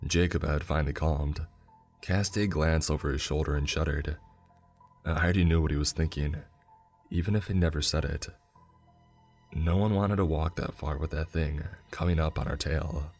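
A man narrating a scripted horror story in a measured, grim storytelling manner. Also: extremely low pitch, steady tone, a little mellow, faint music behind.

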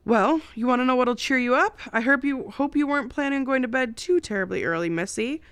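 A woman voicing a warm, gently teasing middle-aged mother in a read-aloud novel. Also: high-pitched, fairly quick, clear, resonant tone, no echo, pitched above the performer's own voice.

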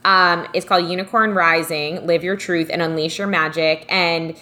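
A woman's voice: lowish voice, steady tone, moderate pace, sharp tone. A woman co-hosting a podcast, chatting casually and enthusiastically about books, with many "like"s. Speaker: podcast co-host.

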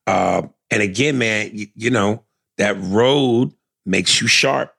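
A man's voice: lowish voice, takes it slowly, creaky, pushed and bright, breathy edge, no echo, studio quality. A man co-hosting a casual comedy podcast, reading listener letters aloud in a loose, profane way.

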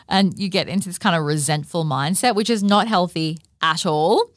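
A woman's voice: on the low side, normal speed, no room sound, clean studio sound. A woman hosting a solo podcast, talking frankly and casually, with swearing and many fillers like "like" and "you know". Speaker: podcast host. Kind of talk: candid solo podcast monologue.

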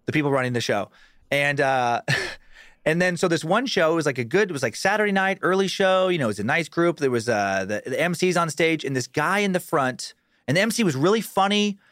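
A man's voice: fairly high pitch, lively intonation, fairly quick, a bit bright, no echo, clean studio sound. A man, a comedian, telling a profane road story in casual podcast chat with lots of restarts and swearing.

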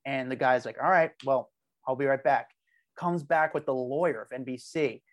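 A man's voice: mid-range voice, moderate pace. A man, a podcast guest, telling a long story with energy and acting out the quotes. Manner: animated storyteller, acts out quoted lines. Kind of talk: casual podcast chat.

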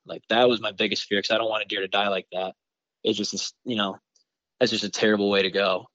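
A man from Michigan, a bowhunter guest on a podcast, tells a story in an excited, rambling way and packs his talk with "like" and "you know". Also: on the low side, quick pace, no room sound, highs cut off. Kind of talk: casual storytelling in a podcast interview.

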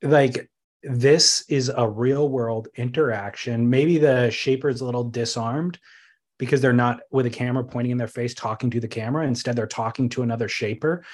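A man co-hosting a relaxed podcast conversation. His voice sits at an ordinary middle pitch, and his talk is lively and storytelling, rising into bursts of emphasis. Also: moderate pace. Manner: animated, thoughtful storytelling with sudden bursts of laughter-tinged emphasis. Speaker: podcast co-host. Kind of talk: casual podcast chat.

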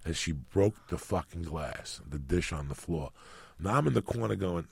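A man from New Jersey, a comedian guest, telling a profane story loudly and animatedly, acting out the voices of others. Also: sits low, normal speed, vocal fry. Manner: loud, swearing, animated, re-enacts voices.

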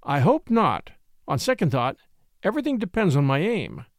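A man's voice: a little high, wildly swooping pitch, normal speed, no room sound, studio quality. A man reading an audiobook, voicing a gallant young male attorney who pants and jokes dryly. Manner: panting, dryly humorous.

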